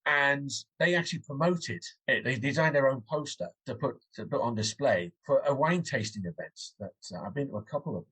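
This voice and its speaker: A man's voice: mid-range voice, lively intonation, a little fast, hardly any pauses, a bit bright, husky, rough recording. An English man, an author as guest, chatting casually in an interview, rambling with many restarts.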